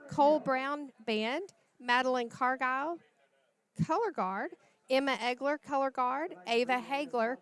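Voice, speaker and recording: A woman, announcing for a livestream sports broadcast and reading out lists of names in a chatty way. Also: sits high.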